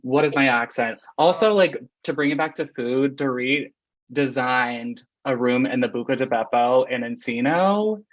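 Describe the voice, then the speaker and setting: A chatty, gossipy man talks as a podcast guest in a middle-pitched voice, laughing easily. His audio sounds muffled and dry, with no room around it. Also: lively intonation, measured pace, no echo. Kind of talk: casual chat.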